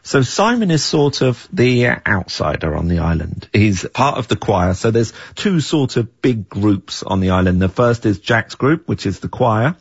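A man's voice: on the low side, sing-song, measured pace, hardly any pauses, slightly rough, no echo. A middle-aged man, the creator and writer of a series, answers interview questions thoughtfully, often restarting his sentences. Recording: dull, dry, lo-fi sound.

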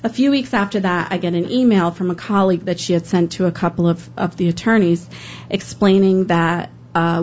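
A woman's voice: fairly low pitch, darkish tone, highs cut off, slight background noise. A woman storyteller giving an earnest, emotional first-person account live on stage.

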